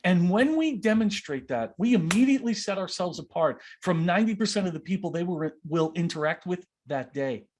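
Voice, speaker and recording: A man coaching on leadership over a video call, his voice a little higher than most men's. He talks in an animated way and slips into the voices of the people he quotes. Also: brisk, hardly any pauses. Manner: animated, acts out quoted speech. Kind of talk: online masterclass Q&A.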